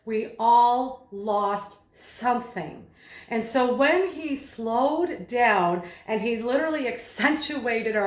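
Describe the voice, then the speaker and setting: Higher-voiced woman speaking coach, echoey room. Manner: explanatory, acts out the emphasis she describes. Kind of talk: analytical video commentary.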